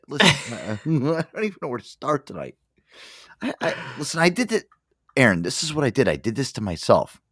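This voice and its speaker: A man's voice: medium pitch, big pitch swings, fairly quick, a bit bright, dry recording, studio quality. A man hosting a radio show, telling a long story in a profane, rambling way with frequent restarts. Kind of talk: casual on-air rant.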